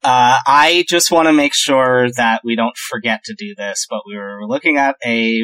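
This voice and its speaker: A man's voice: medium pitch, animated, moderate pace, bright, forceful tone, no room sound, low-quality recording. A man co-hosting a casual podcast, joking wryly and rambling with filler words. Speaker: podcast co-host.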